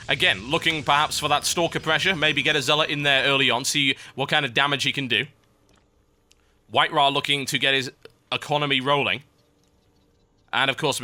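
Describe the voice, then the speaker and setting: Bright-voiced British esports caster. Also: male voice, mid-range voice. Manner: brisk, wry, chatty asides. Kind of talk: live game commentary.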